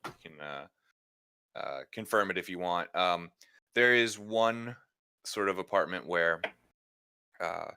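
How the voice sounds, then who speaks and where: Deep, bright-toned game master man. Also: takes it slowly, creaky, long pauses, clear, resonant tone. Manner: rambling descriptions full of fillers and self-corrections; laughs often between lines. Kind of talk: narrating a tabletop game.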